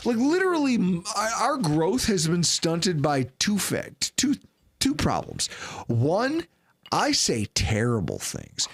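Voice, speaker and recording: A man's voice: on the high side, wildly swooping pitch, unhurried. A man hosting a sports podcast in a studio, ranting sarcastically. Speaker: podcast host.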